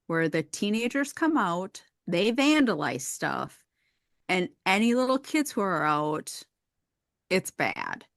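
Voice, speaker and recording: A woman's voice: fairly low pitch, very animated, takes it slowly, vocal fry, no echo, clean studio sound. A woman guest on a podcast, casually recapping scenes and quoting characters. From rural area. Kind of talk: casual chat.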